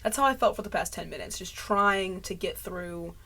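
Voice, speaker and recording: A woman chatting straight to her camera in a loose, rambling vlog, jumping from thought to thought and laughing at her own slips. Her voice is bright and forceful, close on a mic that runs hot. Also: lowish voice, normal speed, a little hiss or hum. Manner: rambling stream of consciousness, often laughing at herself. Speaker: vlogger. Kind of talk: casual talking-head chat. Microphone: mic close to clipping.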